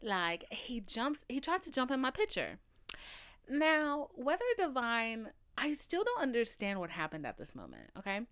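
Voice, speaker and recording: A young woman in her twenties hosting a podcast and telling personal stories off the cuff. Her pitch jumps around a lot as she talks. She swears freely and keeps checking in with the listener. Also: normal speed. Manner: animated, profane, says "okay?" often. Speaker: podcast host. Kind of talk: casual storytelling monologue.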